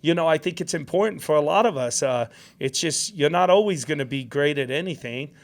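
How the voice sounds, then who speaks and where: A man from New York hosting a podcast, telling a story in a casual, animated way. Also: a little high, a little fast. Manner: animated storyteller, acts out quotes. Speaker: podcast host.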